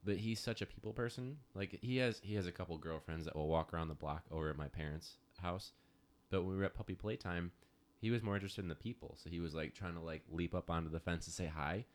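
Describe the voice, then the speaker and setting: A young man in casual chat, telling stories in an animated, chatty way. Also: deep voice, fast. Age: young adult.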